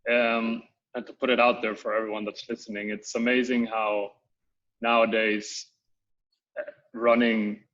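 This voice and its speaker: A man's voice: mid-range voice, a bit bright. A man hosting a panel talk, hesitant with many repeats, handing a question to a guest. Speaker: panel host. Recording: dull lo-fi sound.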